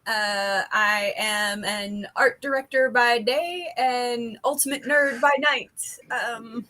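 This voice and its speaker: A woman with a fairly high voice introducing herself at an unhurried pace. She rambles cheerfully and laughs often between thoughts. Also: pushed and bright. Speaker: guest player. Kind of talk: casual livestream introduction.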